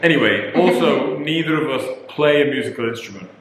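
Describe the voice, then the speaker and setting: A man's voice: mid-range voice, expressive, a little fast, a bit bright. Dry, teasing young Englishman. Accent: neutral English. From England. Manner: dry, teasing, laughs often. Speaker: co-host in a couple's video. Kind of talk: casual chat. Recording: echoey room, faint noise.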